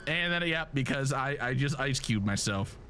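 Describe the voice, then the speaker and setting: A man's voice: mid-range voice, moderate pace, a little hiss or hum. A man streaming a game live, chatting casually and jokingly straight to his viewers. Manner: animated, joking, talks straight to chat.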